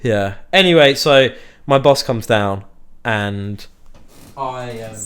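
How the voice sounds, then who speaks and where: A man's voice: medium pitch, takes it slowly, clean tone. A young man from around Liverpool, chatting casually on a podcast. He tells a story full of swearing and acts out the people in it. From Liverpool area, England. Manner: sweary, animated anecdote-telling with acted quotes. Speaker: podcast host.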